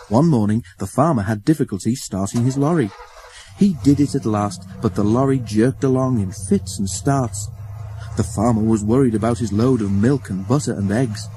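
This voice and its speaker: A man reading a children's storybook aloud, expressive and acting out the story. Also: fairly low pitch, slight background noise. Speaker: narrator.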